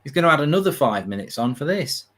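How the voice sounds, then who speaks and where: Guy ranting over a football match, kinda high voice, swears a lot, jokey. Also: sing-song, fast, fairly bright tone. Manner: sweary, laughing, slips into silly put-on accents. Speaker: co-host of football watchalong. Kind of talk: casual chat over a live match.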